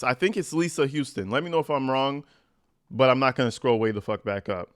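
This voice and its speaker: A man's voice: mid-range voice, a little fast. A man hosting a reaction channel, reading letters aloud and breaking in with blunt, profane, mocking commentary.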